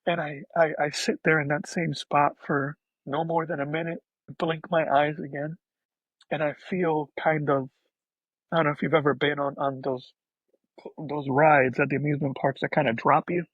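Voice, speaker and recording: A man speaks with a gravelly, husky voice pitched a little high. He tells an emotional personal story as a podcast guest, soft-spoken and halting, often starting his sentences over. The sound is dry and dull, as on a muffled remote recording. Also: level tone, no echo.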